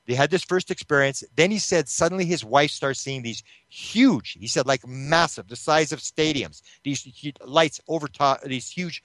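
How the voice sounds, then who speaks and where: A man's voice: on the high side, normal speed, few pauses, no room sound. Dry-voiced man telling a story. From Canada. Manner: animated retelling that acts out quoted voices, with restarts. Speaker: interview guest, UFO researcher. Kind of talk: storytelling in an interview.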